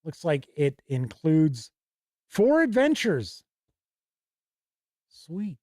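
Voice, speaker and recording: A man's voice: fairly high pitch, wildly swooping pitch, drawn-out words, mellow, dry recording, studio quality. A man hosting a tabletop game show, chatting casually and reading lists aloud from a rulebook with small asides and self-corrections. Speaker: show host reviewing tabletop RPG books.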